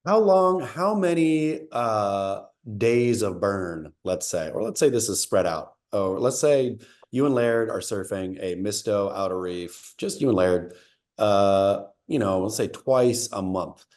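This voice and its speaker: A man co-hosting a casual podcast chat, speculating out loud in an animated, emphatic way. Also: fairly low pitch, slow pace. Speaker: podcast co-host.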